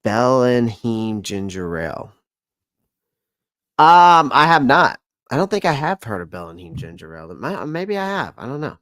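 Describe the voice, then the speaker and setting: Bright-voiced man chatting about football. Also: a little high, sing-song, a little fast, dry recording. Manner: rambling, repeats himself, reads viewer comments aloud. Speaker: sports talk host. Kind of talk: casual live-stream sports talk.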